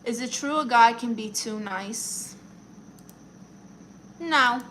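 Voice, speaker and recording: This woman takes it slowly in a slightly high, sharp voice, with a little hiss or hum in the audio. In a chatty improvised comedy stream, she plays a blunt aunt who calls herself a therapist, coloring and reading the chat as she talks.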